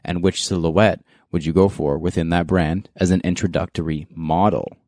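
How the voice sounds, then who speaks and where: A man's voice: low-pitched, steady tone, moderate pace, darkish tone, no room sound, studio quality. A man hosting a casual podcast, chatty and laid-back, laughing often. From Canada. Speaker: podcast host.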